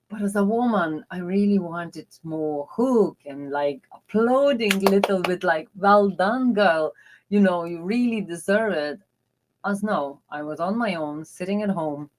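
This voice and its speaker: Woman love coach, low voice, very unhurried; earnest, confiding, non-native English with loose grammar. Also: low-quality recording. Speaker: love and dating mentor. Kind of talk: motivational personal storytelling.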